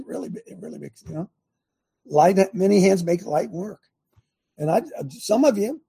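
A fired-up man hosts his own political talk show, firing the same rhetorical questions at his viewers. His voice is high for a man and gravelly, with a mellow, husky tone. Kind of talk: animated political commentary to viewers.

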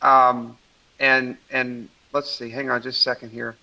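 A man calling in to a group, talking haltingly and loudly, reading out a message he sent. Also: mid-range voice, flat delivery, vocal fry. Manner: halting, loud, reads a message aloud. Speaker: group member on a call. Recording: distant, dull phone-call audio.

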